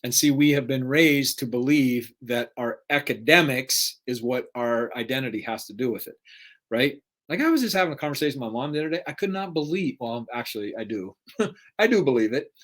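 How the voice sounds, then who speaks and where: A man's voice: mid-range voice, animated, brisk, fairly bright tone. A middle-aged man giving an unscripted motivational talk, earnest, repeating questions for emphasis and often asking "right?". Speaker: motivational speaker.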